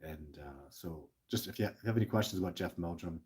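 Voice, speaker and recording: This middle-aged livestream host has a low, slightly mellow voice with a breathy edge, and he talks fast. Running short on sleep, he reads viewer questions and rambles with passion and emotion. He's earnest, restarting often and stammering repeats.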